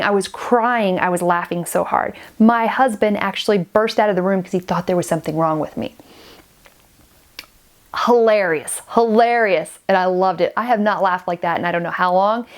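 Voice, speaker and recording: Forty-ish woman vlogger, sniffly, gushing chatty thank-yous, restarts a lot, mid pitch. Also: normal speed. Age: 40s. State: stuffy and sniffly. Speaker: knitting podcaster. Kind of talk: casual chat to camera.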